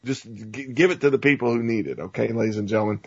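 Male talk host, heated rant, husky voice, muffled lo-fi sound. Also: mid-range voice, fast talker, darkish tone. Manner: ranting, repetitive, stammering restarts.

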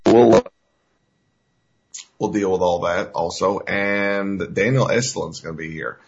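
A man's voice: deep voice, unhurried, creaky. A man hosting a talk radio show, talking in an emphatic, folksy, rambling way with fillers. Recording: dull lo-fi radio recording.

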